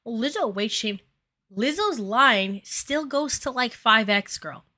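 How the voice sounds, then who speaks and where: A woman with a bright, forceful and fairly high voice chats loosely about online drama. She breaks in with quick remarks and laughing asides. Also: lively intonation. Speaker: podcast co-host. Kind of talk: casual commentary chat.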